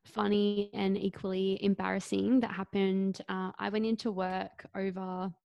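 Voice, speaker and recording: A woman's voice: medium pitch, little pitch movement, a little slow, creaky, no room sound, highs cut off. A young woman co-hosting a podcast, telling an embarrassing story in an easygoing, amused way. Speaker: podcast co-host. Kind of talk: casual chat.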